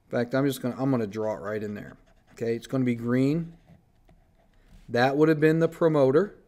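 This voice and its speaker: A man's voice: mid-range voice, fairly quick, mellow. A man teaching biology in a recorded screencast lecture, talking casually as he draws on slides and corrects his own slips.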